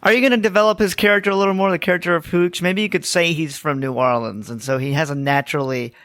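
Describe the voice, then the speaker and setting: A man's voice: a little high, fairly even intonation, quick pace, a bit bright, dry recording. A man hosting a casual podcast conversation, asking short, curious follow-up questions. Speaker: podcast host.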